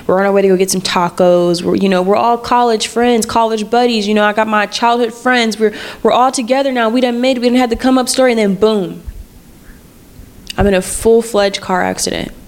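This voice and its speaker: Her voice sits a little high with a steady tone, and she talks a little fast. She's a twenty-something podcast host sharing her own story in a frank, chatty way, using repetition to drive points home.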